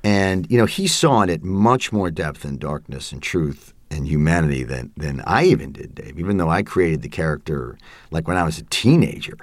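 A man answering interview questions in the put-on voice of a generic 1970s baseball announcer, with a smooth, booming broadcaster delivery. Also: animated, normal speed, dry recording. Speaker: guest.

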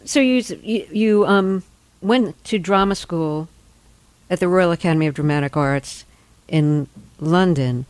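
An interviewer with a mid-range voice poses questions calmly and reads scene setups clearly. The recording is dry and close, with no room sound around it. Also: medium pitch, a little slow, no echo. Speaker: interviewer host.

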